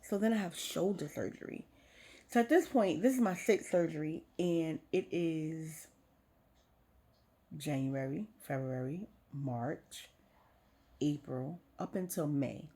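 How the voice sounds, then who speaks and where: A woman's voice: low voice, slow, warm tone, husky. A young adult woman vlogger frankly telling a personal story, emotional and swearing casually.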